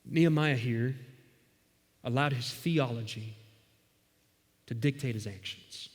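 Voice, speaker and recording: A man's voice: mid-range voice, slow. A male pastor delivering a sermon in a conversational, storytelling manner, in a church sanctuary. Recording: long reverb of a large hall.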